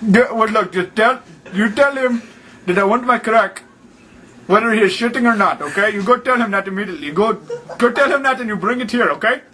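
Male prank caller, mock-serious and bossy, with a high, piercing voice. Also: brisk, pushed and bright, slight background noise, rough recording. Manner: indignant, demanding, mock-serious. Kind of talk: prank phone call.

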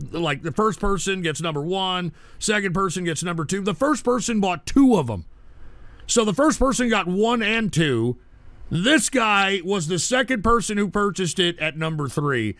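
A man hosting a livestream show, ranting angrily at a viewer with constant insults and bursts of shouting. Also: high voice, dry recording. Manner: angry, insulting, frequently shouting. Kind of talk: profane ranting livestream talk.

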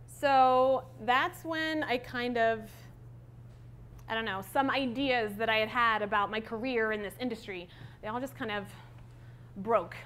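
A woman's voice: a little high, a bit bright, a little hiss or hum. A woman in her thirties giving a conference talk on stage, candid and conversational with many fillers. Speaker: conference speaker.

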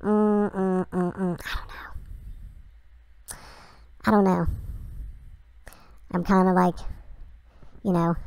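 A woman's voice: medium pitch, dry recording. A woman hosting a reaction video, chatting bluntly and rambling through asides. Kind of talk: casual reaction commentary.

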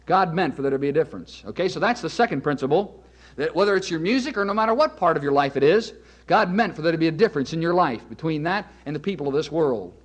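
Brief: male evangelist, high-pitched voice, emphatic sermon delivery with slow repeated phrases. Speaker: evangelist preacher.

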